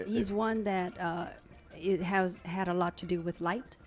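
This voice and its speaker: A woman hosts a casual talk show interview. She speaks to her guest warmly and cheers him on. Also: lowish voice, steady tone, a little slow. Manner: warm, encouraging. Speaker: host.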